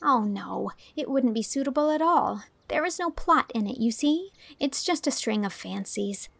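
Woman playing a chatty dreamy teen girl, effusive and dramatic, bit high. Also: lively intonation, moderate pace, vocal fry, a bit bright, breathy edge, dry recording, full character voice. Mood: cheerful. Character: imaginative chatty teenage girl heroine.

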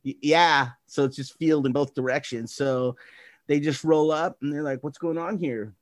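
A man's voice: on the high side, steady tone, normal speed, no echo, clean studio sound. A middle-aged man in casual chat, telling rowdy stories full of swearing and laughter, acting out the people in them.

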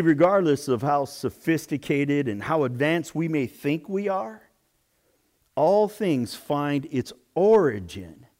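Male pastor preaching a sermon, slow and animated, slightly high voice. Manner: slow, dramatic storytelling.

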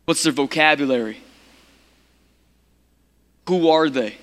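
A man preaching a sermon as pastor of his church, impassioned and repetitive, building to shouted peaks. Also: on the high side, slow.

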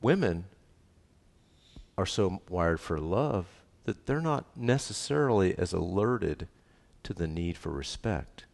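A low-voiced man leads a sermon as pastor, chatty and animated, keeping the congregation in the conversation. His voice carries a long reverb from the church hall around him. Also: slow, vocal fry. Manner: lively, conversational preaching with frequent "right?" asides.

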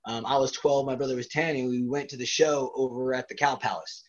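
A man's voice: medium pitch, steady tone, a little fast. A man as a wrestler guest in an interview, telling rambling stories in a casual way and laughing often between them. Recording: dull lo-fi recording.

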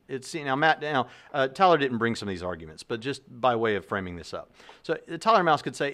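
A man's voice: medium pitch, very animated, a little fast, fairly bright tone. A man hosting a video, explaining casually and thinking aloud with many fillers and restarts. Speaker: Christian apologist video host. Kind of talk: casual talk to camera.

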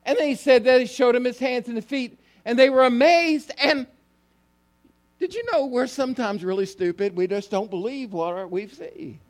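High-pitched guy preaching a sermon, animated and emphatic, keeps asking the congregation questions. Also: moderate pace. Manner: animated storytelling with emphatic, climbing phrases; asks the listeners direct questions. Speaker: pastor.

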